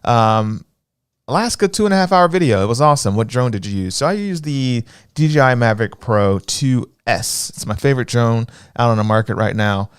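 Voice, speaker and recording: A Texan man chatting on a livestream, relaxed and playful as he spins funny stories. His voice is close and dry, with no room sound, and sits in an ordinary middle pitch. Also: normal speed, clear, resonant tone, dry recording. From Texas. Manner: joking, animated storyteller. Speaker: livestream co-host. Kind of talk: casual livestream chat.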